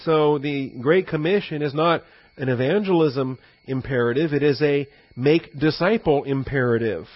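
A man's voice: fairly high pitch, moderate pace, dry recording, lo-fi sound. A man, a pastor, giving a conversational teaching sermon with frequent fillers and asides.

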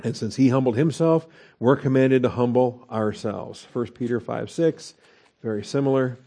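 A man's voice: mid-range voice, normal speed, warm tone. A man teaching a verse-by-verse Bible study in a conversational way, with fillers and rhetorical questions.

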